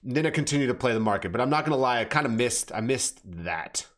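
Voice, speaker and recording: A man's voice: mid-range voice, lively intonation, fast, fairly bright tone. A man with an ordinary mid-range voice riffs on crypto charts in a brash, unscripted way. He talks bluntly, swears freely and keeps addressing his viewers as fam. He often stops and corrects himself partway through a sentence. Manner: self-correcting, restarts phrases. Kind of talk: casual market commentary over charts.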